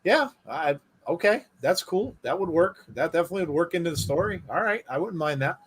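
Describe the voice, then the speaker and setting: Excitable male wrestling podcast co-host. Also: on the high side, brisk, slight background noise. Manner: exclaims and reacts loudly; reads out listener comments. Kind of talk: casual chat.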